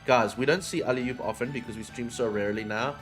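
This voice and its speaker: A man's voice: mid-range voice, quick pace, music in the background. A man chatting casually with his chat audience on a livestream. He swears freely and drifts between topics.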